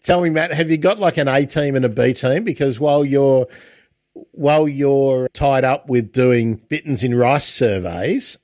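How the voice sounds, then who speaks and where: A podcast host with a medium-pitched, darkish voice talks a little slowly in a dry recording. He runs a casual, chatty interview and often restarts his sentences.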